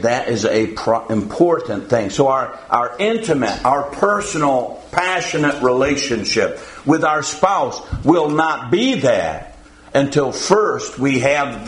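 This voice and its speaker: A man preaching a sermon to his congregation in a folksy, halting way, often pausing on "uh" and chuckling. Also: medium pitch, reverberant, poor audio. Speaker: pastor.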